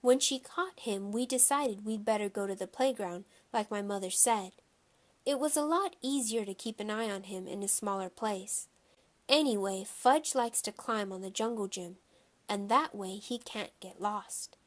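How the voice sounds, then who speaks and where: A woman reading a children's novel aloud in a plain, steady storytelling manner. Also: medium pitch, normal speed. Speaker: audiobook reader.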